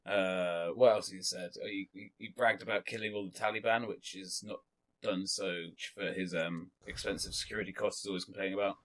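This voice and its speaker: Low-voiced man, gleeful gossip. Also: fairly even intonation, a little fast, a bit bright. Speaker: podcast co-host. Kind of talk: casual chat, reading out news.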